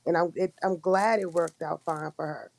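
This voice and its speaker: A woman's voice: fairly low pitch, steady tone, moderate pace, gravelly, a little mellow, no room sound. A woman hosting a casual livestream chat, talking in a loose, rambling way with many restarts. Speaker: livestream host.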